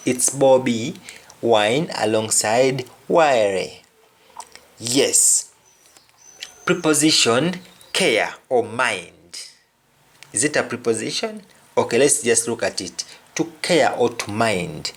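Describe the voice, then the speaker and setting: A man's voice: medium pitch, expressive, slow. A man teaching a language lesson, repeating each word several times as he explains it. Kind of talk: spoken lesson on patois phrases.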